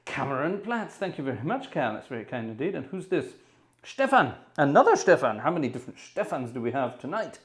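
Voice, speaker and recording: A man's voice: medium pitch, big pitch swings, brisk. Breathless man chatting from a piano. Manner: chatty, self-deprecating, addresses the audience as ladies and gentlemen. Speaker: pianist hosting a live stream. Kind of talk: live-stream chat between pieces. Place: piano room at home.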